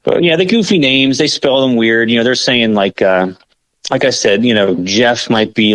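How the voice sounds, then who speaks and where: A man's voice: mid-range voice, normal speed, fairly bright tone, no room sound, low-quality recording. An American man co-hosting a podcast in casual chat, rambling and correcting himself with lots of filler. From United States. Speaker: podcast co-host.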